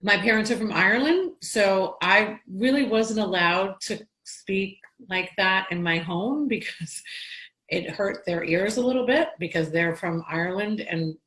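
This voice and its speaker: A woman's voice: medium pitch, measured pace, fairly bright tone, rough recording. A woman from Long Island, New York, hosting a casual interview, chatty and telling stories with frequent restarts. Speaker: podcast host.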